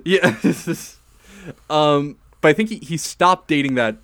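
A man's voice: on the high side, slow, a bit bright. A man co-hosting a podcast in casual chat, rambling and hesitant, often breaking into laughter. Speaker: podcast co-host.

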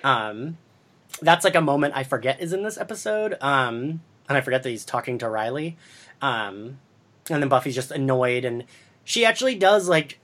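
Podcast host, casual and upbeat, laughs easily, animated scene retelling. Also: mid-range voice. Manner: giggly, upbeat, retells scenes with quick voices.

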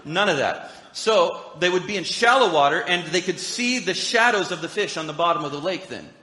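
A man's voice: sits high, animated, fairly quick, pushed and bright. A man preaching a sermon in a conversational, storytelling way with humorous asides. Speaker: pastor. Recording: echoey hall reverb.

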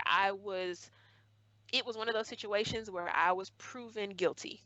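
A woman's voice: medium pitch, fairly even intonation, measured pace, a bit bright, no room sound, lo-fi sound. A young woman guest in a conversation, earnestly retelling a hurtful school memory, often acting out what was said. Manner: earnest, emotional retelling with acted quotes. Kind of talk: personal storytelling in conversation.

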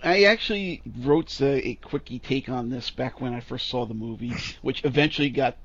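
A man's voice: mid-range voice, normal speed, a bit bright. A man co-hosting a podcast, ranting bluntly and sarcastically and swearing freely. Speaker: podcast co-host. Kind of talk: casual opinionated chat. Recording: dull lo-fi audio.

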